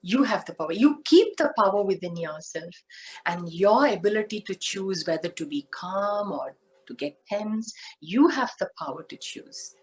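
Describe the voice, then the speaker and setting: A woman giving a motivational spiritual talk, speaking deliberately and asking her listeners questions. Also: medium pitch, lively intonation, a little mellow, rough recording. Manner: slow, deliberate, asks the audience questions.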